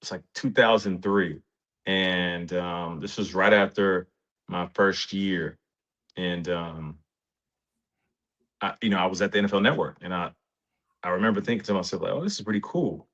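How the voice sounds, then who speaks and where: A man in his forties, a guest in an interview, telling stories in a casual, animated way and acting out what others said. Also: normal speed, pauses often. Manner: animated, rises in pitch when excited, quotes others in dialogue. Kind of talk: casual storytelling. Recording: dull lo-fi sound.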